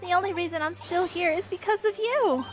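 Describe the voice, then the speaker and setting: A woman's voice: very high voice, fairly quick, faint music behind. A woman voicing a polite, humble young female assistant in a game. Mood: earnest. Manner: formal, gentle.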